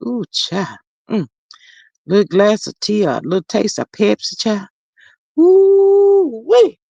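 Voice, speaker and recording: A woman hosting a casual gossip livestream, reading chat comments aloud and drawling slang, swinging between loud calls and low murmurs. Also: expressive, a little slow, vocal fry, slightly rough, no room sound, lo-fi sound. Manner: drawling Southern slang, says child a lot, reads comments aloud.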